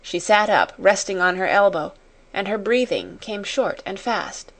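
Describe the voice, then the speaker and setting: A woman reads a classic storybook aloud at a slow, careful pace. Her voice sits in a middle range, and her reading stays measured and unhurried. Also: medium pitch, lively intonation. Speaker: audiobook narrator. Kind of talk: scripted storybook narration.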